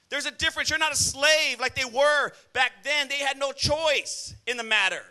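A man's voice: very high voice, normal speed, pushed and bright. A male pastor preaching a sermon in a church, blunt and scolding, often calling out to the congregation for an "amen.".

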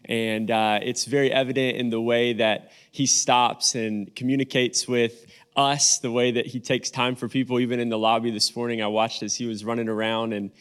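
A man's voice: mid-range voice, level tone, normal speed, clear, resonant tone. A young man preaching as a guest pastor, chatty and joking with the congregation before his sermon, speaking on a stage mic in a church. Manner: friendly joking banter with congregation. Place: church sanctuary.

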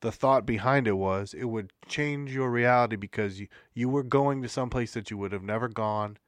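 A man co-hosting a casual podcast, rambling through statistics and a playful sponsor pitch. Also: moderate pace, no echo. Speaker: podcast co-host. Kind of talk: casual chat with sponsor reads.

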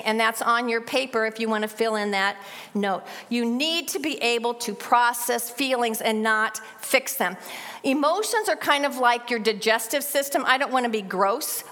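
A woman's voice: on the high side, moderate pace, bright, forceful tone, in a large hall. A middle-aged woman giving an earnest church parenting talk to a live audience, acting out child voices as examples. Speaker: parenting class speaker.

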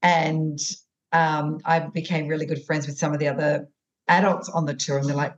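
Low-voiced woman tour guide, dull audio. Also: little pitch movement. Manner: halting, many restarts and fillers. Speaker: tour director, guest. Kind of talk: casual podcast conversation.

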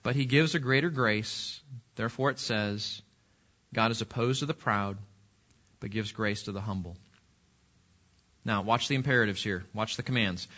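A man's voice: mid-range voice, moderate pace, pauses often, bright, forceful tone. A middle-aged man teaching a Bible class at church, who repeats his words as he goes and keeps putting questions to the class. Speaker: Sunday school teacher. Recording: dull lo-fi recording.

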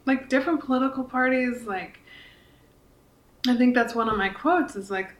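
A woman's voice: fairly high pitch, normal speed. A woman in her forties, chatty and earnest, talking casually on a podcast with lots of likes and restarts. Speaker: podcast co-host and author. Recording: echoey room.

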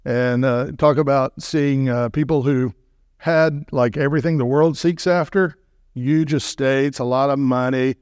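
A man preaching as a guest speaker, animated and emphatic, with joking asides to the congregation. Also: mid-range voice, a little slow, clean tone, no echo, studio quality. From Southern California. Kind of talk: sermon.

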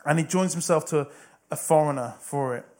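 A man preaching a sermon, moving from quiet storytelling to loud, emphatic exhortation. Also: a little high, moderate pace.

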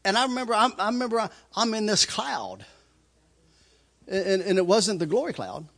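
A middle-aged man telling his testimony with a high, husky voice. His pitch swings widely as he laughs and stumbles through repeated words. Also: lively intonation, moderate pace, a bit bright. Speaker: speaker giving a testimony. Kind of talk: testimony storytelling.

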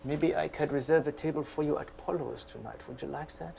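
Brief: a stiff, formal hotel manager, very gravelly, prying and polite. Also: male voice, on the high side, brisk, darkish tone, a little hiss or hum. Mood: prim. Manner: stiff, overly formal and insinuating.

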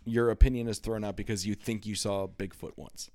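Low-voiced man arguing his view. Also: fairly quick. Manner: animated, opinionated, swears. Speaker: podcast guest. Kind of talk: casual chat.

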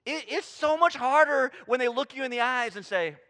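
A man preaching a sermon, animated and conversational, acting out quoted voices and dropping to a hush for emphasis. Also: very high voice, normal speed, hardly any pauses. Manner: animated, swings from loud emphasis to hushed near-whisper; acts out quoted voices, casual fillers like "I mean" and "right?". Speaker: pastor.

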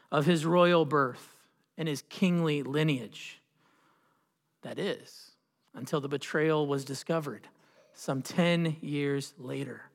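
A man preaching a sermon as pastor, telling a story with dramatic pauses and swelling emphasis. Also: a little high. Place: church sanctuary. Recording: long reverb of a church hall.

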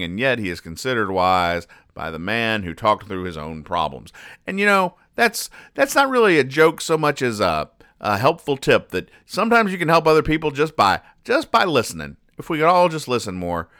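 Male comedy host, lowish dry voice, close and dead-sounding, wry and rambling. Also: bright, forceful tone, clean tone, no echo. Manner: rambling, dry, self-correcting. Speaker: podcast host reading comics. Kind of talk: deadpan comic recap.

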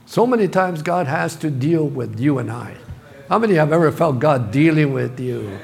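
A man's voice: on the high side, lively intonation, normal speed, creaky. A middle-aged man, the senior pastor, preaching a sermon in a church, building to bursts of emphasis with touches of humor. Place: church sanctuary.

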